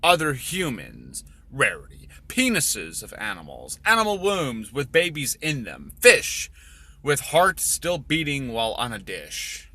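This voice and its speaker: A man's voice: mid-range voice, wildly swooping pitch, unhurried, sharp tone. A man reading his own story aloud, with rambling, profane, offhand commentary between passages.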